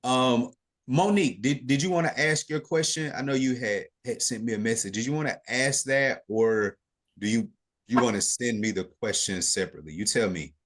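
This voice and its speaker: A man hosting a live online investing class, answering questions over a video call in a relaxed way, with many fillers and restarts. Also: medium pitch, moderate pace.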